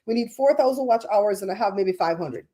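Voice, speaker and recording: A middle-aged woman hosting a livestream, chatting casually in an animated, gossipy way with frequent laughs. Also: mid-range voice, a little fast. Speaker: livestream host.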